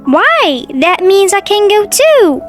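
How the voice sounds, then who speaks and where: A woman voicing a sweet, eager young maiden in a storybook reading, with bright, breathless exclamations. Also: very high-pitched, very animated, takes it slowly, soft background music, voice pushed up, heavily acted.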